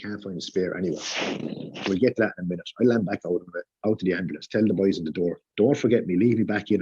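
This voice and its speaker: A man's voice: deep voice, dark tone, husky, no room sound, muffled recording. A man with an Irish accent telling a rowdy, sweary story on a podcast. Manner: rowdy, swearing anecdote teller. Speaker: podcast panelist. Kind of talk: casual storytelling.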